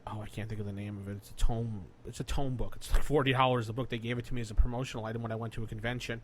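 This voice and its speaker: A man's voice: mid-range voice, level tone, very fast, slight background noise. A man co-hosting a casual gaming podcast, rambling and searching for words as he explains how he runs games. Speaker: podcast co-host and game master. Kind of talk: casual chat.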